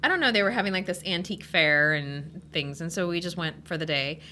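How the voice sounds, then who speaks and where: Bright-voiced chatty woman farmer. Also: fairly low pitch, brisk, a little hiss or hum. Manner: chatty storyteller, laughs often. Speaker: podcast host and cut flower farmer. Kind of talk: casual podcast chat.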